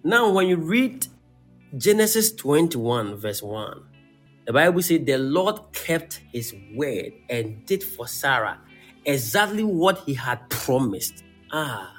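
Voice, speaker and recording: Animated male preacher. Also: fairly high pitch, slow pace, faint music behind. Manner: reads scripture aloud and checks in with listeners. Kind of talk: sermon.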